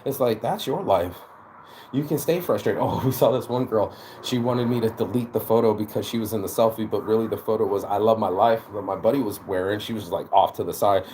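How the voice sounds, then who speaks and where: A man's voice: lowish voice, a little fast, warm tone, slight background noise. A man hosting his own channel, delivering a casual motivational monologue in a blunt, profane way, full of stammered restarts. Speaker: channel host.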